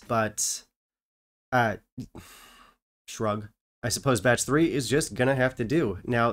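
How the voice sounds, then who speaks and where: A man hosting a whisky review channel, talking casually with dry, self-mocking humor and a non-British English accent. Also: mid-range voice.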